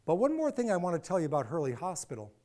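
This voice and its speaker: A middle-aged man giving a personal storytelling talk, animated and acting out the dialogue. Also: a little high, very fast. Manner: animated, acts out dialogue, repeats phrases for effect. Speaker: speaker and author.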